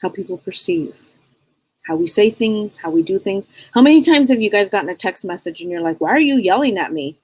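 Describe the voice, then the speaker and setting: Husky-voiced woman rambling live advice. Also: mid-range voice, lively intonation, brisk, a little mellow, no room sound, rough recording. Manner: rambling, repeats words, rhetorical questions, blunt and casual. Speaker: psychic reader and show host. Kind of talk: live-stream advice chat.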